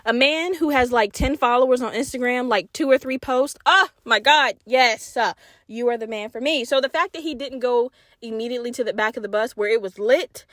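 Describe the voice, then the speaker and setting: Lady podcaster spilling a story, kinda high voice, swears a lot, dry sound. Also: brisk, no room sound. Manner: animated, swearing, acts out her own quotes. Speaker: podcast host. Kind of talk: casual storytelling.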